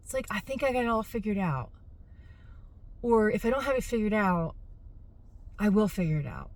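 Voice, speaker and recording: A woman's voice: medium pitch, sing-song, moderate pace, long pauses, no room sound. A middle-aged woman chatting casually to camera in a vlog, exasperated and laughing at herself. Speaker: fitness business owner.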